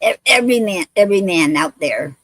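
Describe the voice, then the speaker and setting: A woman hosting a poetry show, reading love poems and chatting in a halting way with many fillers and restarts. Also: medium pitch, expressive, a bit bright, dry recording, poor audio.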